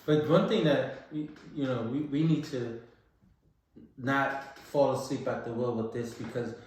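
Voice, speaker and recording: A man co-hosting a podcast, speaking in a measured way and chiming in during a casual political discussion. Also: mid-range voice, a little mellow. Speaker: podcast co-host. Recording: echoey room, distant mic.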